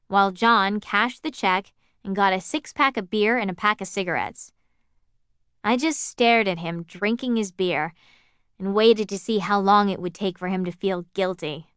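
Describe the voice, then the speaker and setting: A woman's voice: mid-range voice, moderate pace, fairly bright tone, clear, resonant tone, no echo, clean studio sound. A woman narrating a novel in the first person, in a wry, observant tone. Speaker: audiobook narrator.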